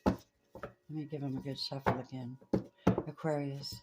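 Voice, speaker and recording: A woman giving a spiritual tarot reading, reading scripture and speaking softly and slowly to her viewers. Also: very deep voice, flat delivery, very noisy. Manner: slow, soft-spoken, addresses viewers as babies. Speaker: tarot reader.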